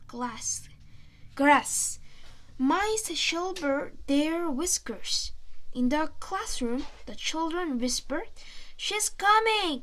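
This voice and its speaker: A woman reading a children's picture book aloud in a slow, sing-song way, playing up sound words and animal noises. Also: high-pitched, fairly bright tone. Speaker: storyteller.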